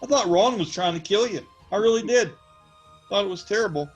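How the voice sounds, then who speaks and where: A man's voice: high voice, fairly quick, faint music behind, low-quality recording. A man running a tabletop role-playing game as game master, narrating scenes in a loose, joking way. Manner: loose and joking, with frequent fillers.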